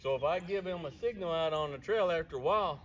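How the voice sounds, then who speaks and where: A man working as a horse trainer, calmly and patiently explaining while he works a horse outdoors. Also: fairly high pitch, quick pace. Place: outdoor round pen with horses. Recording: distant voice with outdoor noise.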